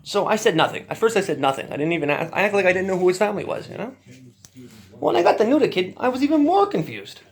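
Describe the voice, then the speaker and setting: Brief: male podcast guest, high and very animated voice, profane rambling rant. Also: fast. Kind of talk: rambling casual storytelling.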